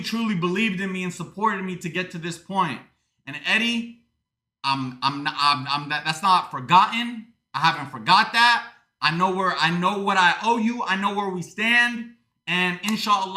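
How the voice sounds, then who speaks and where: A man livestreams in a casual, ranting style, swearing often as he shifts between jokes and sincere thanks to his supporters. His voice sits high and sounds pushed and bright.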